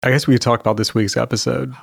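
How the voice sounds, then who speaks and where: A man co-hosting a podcast, relaxed and steering the talk along in casual chat. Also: medium pitch, racing, creaky, no room sound, clean studio sound. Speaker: podcast co-host.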